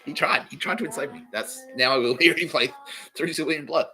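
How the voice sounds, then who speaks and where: A man's voice: on the high side, a little fast, pushed and bright, faint music behind, poor audio. An Australian man hosting a podcast, talking alone in a rambling, profane, repetitive way. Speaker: podcast host. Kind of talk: rambling solo monologue.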